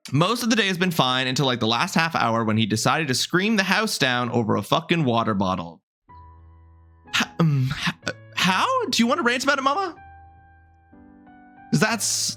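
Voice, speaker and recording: A man's voice: a little high, pushed and bright. A young adult man live-streaming a game, chatting casually with his viewers, greeting them by name and joking as he trails off mid-sentence.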